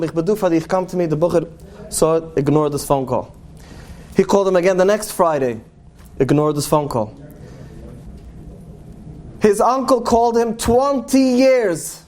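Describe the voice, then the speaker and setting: A man with a fairly high voice tells stories to a gathering, speaking with a lilt. He is earnest and stretches out his key words for weight. A faint hiss of noise sits under his voice. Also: darkish tone. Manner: earnest, slows and lingers on key words for emphasis. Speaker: rabbi. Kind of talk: storytelling talk to an audience.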